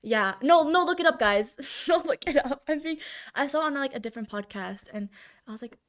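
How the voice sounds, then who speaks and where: A woman's voice: sits high, lively intonation, brisk, fairly bright tone. A young woman co-hosting a podcast, telling rambling stories full of fillers in casual chat. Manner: rambling storyteller, many fillers. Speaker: podcast co-host.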